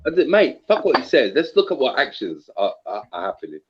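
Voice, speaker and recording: A man's voice: medium pitch, brisk, noisy background. A man in a heated casual chat, swearing freely and telling stories with lots of slang. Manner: profane, animated storytelling with slang. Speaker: voice chat participant. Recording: dull lo-fi online audio.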